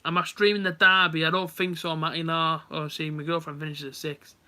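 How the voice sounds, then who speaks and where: A man's voice: on the high side, little pitch movement, brisk, pushed and bright, clear, resonant tone. A young man chatting casually to viewers while he watches a match live and comments on it. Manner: chatty, rambling, talks straight to viewers. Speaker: live stream host.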